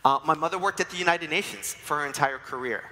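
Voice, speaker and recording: A man's voice: a little high, fast, bright, forceful tone. A man in his forties from New York giving a sermon with personal stories, told with playful humor in a church. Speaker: church speaker. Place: church sanctuary. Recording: long reverb of a church hall.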